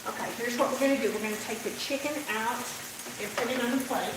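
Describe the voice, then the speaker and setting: This livestream host, an older Texas woman with a Southern drawl, talks fast in a fairly high voice while cooking at home and responding to viewer comments. The audio is reverberant and heavily noisy.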